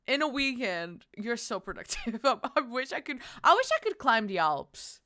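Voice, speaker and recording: This young woman streamer keeps up casual chat with her viewers at a moderate pace with hardly any pauses, her fairly high voice bright, forceful and full of lively intonation. She giggles, squeals greetings and curses playfully; the studio sound is clean, with no room sound.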